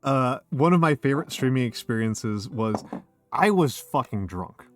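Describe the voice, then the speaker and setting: A middle-aged man hosts a casual drinking stream from home, his medium-pitched voice animated and moving at a moderate pace over soft background music. He rambles, swears, and keeps cutting himself off mid-thought.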